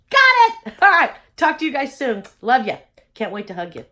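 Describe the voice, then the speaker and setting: A woman's voice: high-pitched, wildly swooping pitch, moderate pace, bright, forceful tone. An older woman giving a motivational vlog talk, exuberant and preachy, laughing often as she speaks. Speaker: inspirational vlogger.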